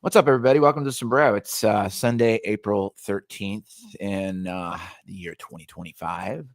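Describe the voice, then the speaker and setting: A man's voice: on the low side, steady tone, normal speed, no echo, clean studio sound. A man hosting a casual live-streamed chat show, laid-back and wry, muttering as he fiddles with settings. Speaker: podcast host. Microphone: remote streaming setup.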